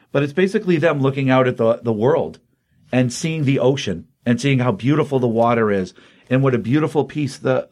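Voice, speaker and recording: A man's voice: medium pitch, darkish tone. Chatty man retelling a comic plot. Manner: enthusiastic, rambling retelling with fillers and paraphrased quotes. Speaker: podcast co-host recapping comics. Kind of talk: casual comic book recap.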